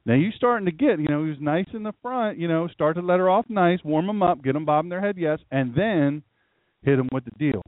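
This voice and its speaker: Male pastor, animated sermon delivery with asides to the room, dry tinny phone-quality sound. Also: a little high, a little fast, no room sound.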